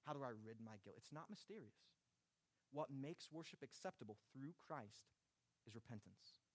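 A man preaching a sermon, urgent and emphatic, his voice dropping soft and then rising again. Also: mid-range voice, lively intonation, normal speed, no room sound. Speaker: pastor.

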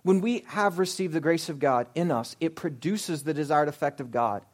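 A young adult man preaching a sermon as pastor, emphatic and full of rhetorical questions, swinging between loud pushes and hushed asides. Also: fairly high pitch, moderate pace.

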